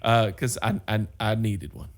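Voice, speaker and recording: A man's voice: lowish voice, a little slow, slight background noise. A man co-hosting a podcast in casual chat, telling stories with lots of laughter and acted-out quotes. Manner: animated storyteller, laughs often, acts out quotes. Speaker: podcast co-host.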